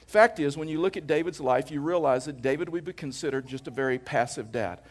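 A man's voice: on the high side, a little fast. A man in his fifties preaching a sermon as pastor, casual and anecdotal, repeating phrases for emphasis. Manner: conversational, anecdotal preaching with jokes.

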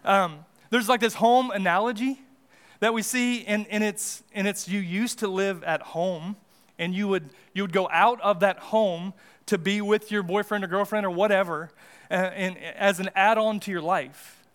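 A man's voice: high voice, fairly even intonation, normal speed, fairly bright tone. A young American man preaching a sermon as pastor, casual and conversational with fillers and restarts. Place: church sanctuary.

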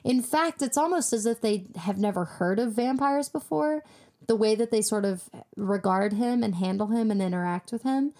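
A woman co-hosting a casual TV recap chat, animated and acting out quoted lines. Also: a little high, normal speed. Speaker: podcast co-host.

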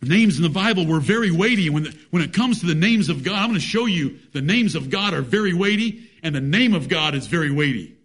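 A man's voice: a little high, lively intonation, a little fast, few pauses, breathy edge. A man preaching a sermon, emphatic, with rhetorical questions and folksy jokes.

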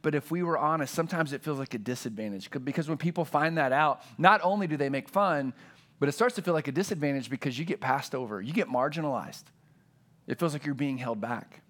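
A middle-aged man, a pastor, preaching in a church auditorium after an opening prayer, telling stories in a lively conversational way with frequent restarts. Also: fairly high pitch, fast. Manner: conversational storytelling, animated, with repeated restarts.

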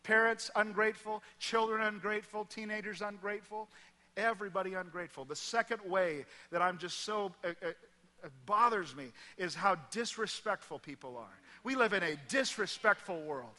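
A middle-aged Midwest American pastor preaching from the stage, his voice high and ringing. He hammers his points through repetition, then drops suddenly to a hushed tone. The sound carries a long reverb from the big church hall. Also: normal speed. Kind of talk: sermon.

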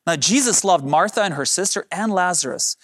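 A man's voice: sits high, animated, fairly bright tone. Emphatic male pastor preaching. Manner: emphatic, drawn-out key phrases; direct address to the congregation. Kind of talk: sermon.

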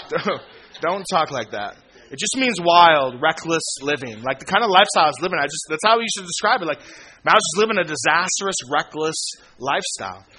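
A male pastor in his thirties delivers a sermon in loose, conversational slang, often acting out exchanges with friends. His voice sits a little high and sounds bright and forward. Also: animated, a little fast. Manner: casual, slangy, acts out quoted friends with laughs.

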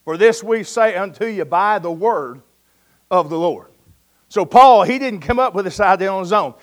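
A man's voice: high voice, expressive, moderate pace. A man preaching a sermon, telling stories in a folksy way and calling his listeners friend and folks.

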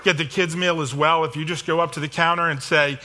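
A middle-aged man preaching in a bright, forceful voice that sits a little high for a man. He talks to the congregation in a conversational, self-deprecating way, mixing personal stories into the sermon. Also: fairly even intonation, fast. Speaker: pastor.

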